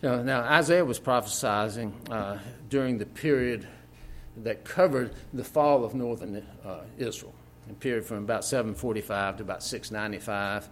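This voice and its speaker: A man's voice: fairly low pitch, slight background noise. A man preaching a sermon, reading scripture aloud and adding folksy, joking asides with frequent fillers.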